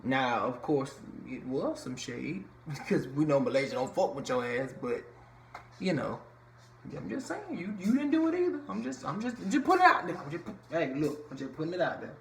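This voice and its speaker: A man's voice: on the high side, very animated, moderate pace. Man, casual review vlog, blunt and cussing, echoey room, faint background hum. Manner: blunt, profane, ranting. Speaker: reality show reviewer. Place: home room.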